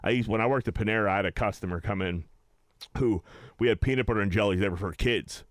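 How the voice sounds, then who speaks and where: A young man hosting a podcast, telling an animated, profane story in casual chat and acting out other people's lines. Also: on the low side, quick pace, no room sound, studio quality. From Pittsburgh area, USA. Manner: animated storyteller, swears a lot, acts out customers' lines. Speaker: podcast host.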